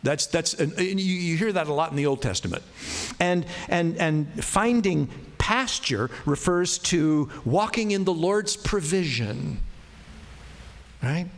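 A middle-aged male pastor delivering a sermon in a slightly higher voice than most men. He talks in a loose, conversational way, with asides and jokes about himself. When he quotes scripture he slows down and leans on each word. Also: expressive. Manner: conversational, self-deprecating, emphatic on scripture quotes.

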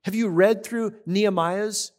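In an unhurried, steady, high-pitched voice with a slightly mellow quality, a pastor gives a teaching sermon. Scripture readings are interspersed with his conversational commentary, and he regularly asks listeners questions.

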